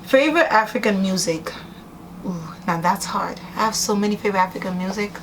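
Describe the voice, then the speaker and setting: A woman's voice: mid-range voice, brisk, background noise. A young woman from New York City hosting a casual chat with her cousin, teasing and laughing often. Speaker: host.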